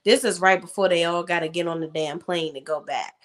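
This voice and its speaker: A woman hosting a casual reality TV recap, talking in slang and acting out cast members' lines in quick voices. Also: on the low side, steady tone.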